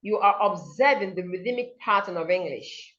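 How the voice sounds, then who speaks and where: A woman with a Nigerian accent teaching diction in an online seminar, slowly modeling example sentences aloud over a video call. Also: mid-range voice, a bit bright. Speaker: diction coach. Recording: dull lo-fi call audio.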